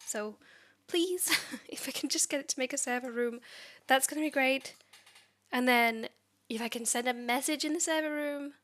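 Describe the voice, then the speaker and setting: A woman vlogger narrating her coding session, talking back at the software in exasperation. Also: sits high, moderate pace. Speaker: tech vlogger. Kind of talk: screen-recorded coding commentary.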